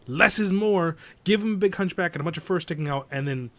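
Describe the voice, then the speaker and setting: A man co-hosting a casual movie podcast, ranting and swearing as he picks apart a film. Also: very fast. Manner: animated ranting, swears, mocks with sudden pitch jumps. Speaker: podcast co-host. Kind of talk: casual movie review chat.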